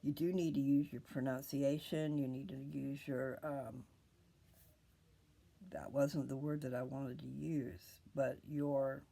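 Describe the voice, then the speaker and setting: An older woman hosting a casual scripture talk, rambling, pausing often and drifting into whispers. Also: very deep voice, steady tone, gravelly, dark tone. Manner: rambling, pauses often, loses her train of thought. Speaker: video host reading scripture.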